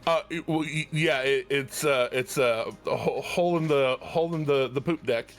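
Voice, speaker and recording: A man running a tabletop game as game master, talking in a halting way with many restarts and frequent laughs. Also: mid-range voice, faint music behind. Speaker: dungeon master.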